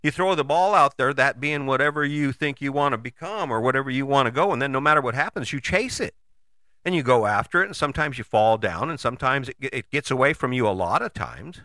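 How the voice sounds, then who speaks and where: A man giving a casual motivational talk, conversational and animated, with frequent rhetorical questions and the odd curse word. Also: mid-range voice, brisk, no room sound, clean studio sound. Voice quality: casual, swears freely. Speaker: motivational host. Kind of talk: motivational monologue.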